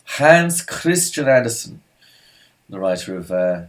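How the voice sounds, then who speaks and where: A man's voice: mid-range voice, big pitch swings, takes it slowly. A man hosting an online pub quiz, reading out answers in a chatty, rambling way with lots of asides and fillers.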